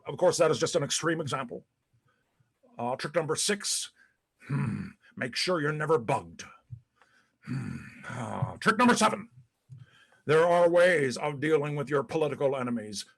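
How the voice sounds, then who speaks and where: A man playing a disgraced, paranoid ex-president in a one-man stage monologue, profane and rambling, stammering between bluster and self-pity. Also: fairly high pitch. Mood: scheming, boastful. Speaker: actor in a one-man play. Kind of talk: live-streamed stage monologue.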